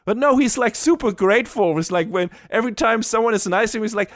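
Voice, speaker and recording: A man's voice: high-pitched, fast, a bit bright, no echo, studio quality. A man co-hosting a podcast, chatting casually and enthusiastically, swearing and laughing often. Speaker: podcast co-host. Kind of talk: casual anime review chat.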